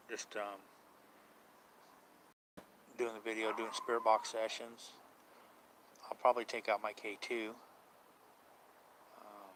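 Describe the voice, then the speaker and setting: A man's voice: lowish voice, noisy background. A man chatting casually on a live stream about paranormal outings, rambling, unsure and trailing off mid-thought.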